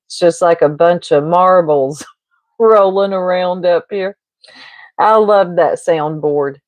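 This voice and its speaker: Slow-talking gossipy woman streamer. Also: fairly low pitch, lively intonation, dry recording. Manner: gossipy, rambling, laughs often. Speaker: livestreamer. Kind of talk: casual livestream chat. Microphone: streaming mic.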